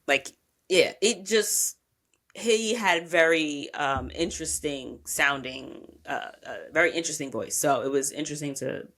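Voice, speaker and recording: Bright-voiced chatty woman podcaster. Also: sits low, measured pace. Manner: chatty, rambling, casual swearing. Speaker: podcast host. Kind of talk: casual travel storytelling.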